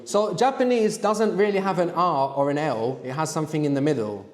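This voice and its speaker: A man teaching a live language workshop, explaining slowly and prompting his students to answer. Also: a little high, in a large hall. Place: room with students.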